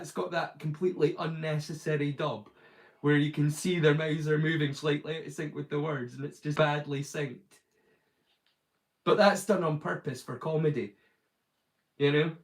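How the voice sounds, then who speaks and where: A man's voice: a little high, rough recording. A man hosting a live stream, chatting casually and rambling, with lots of "like" fillers and restarts. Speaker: streamer, host.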